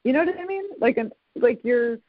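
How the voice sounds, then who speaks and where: A man's voice: very high voice, animated, a little fast, no echo. A man hosting a casual podcast chat, speaking in a reflective, thoughtful way. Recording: dry, phone-like sound.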